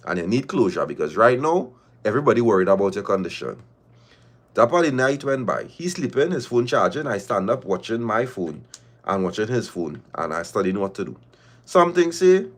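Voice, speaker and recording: A man hosting a livestream, reading viewer confessions aloud and reacting with drawn-out exclamations and slang. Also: on the low side, expressive, fairly bright tone. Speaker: livestream host.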